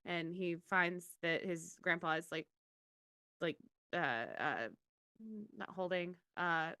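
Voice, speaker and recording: Woman teacher, podcast co-host, bright forward tone, rambling and giggly, dry mic. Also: on the low side, steady tone, takes it slowly, smooth, dry recording. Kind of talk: casual chat.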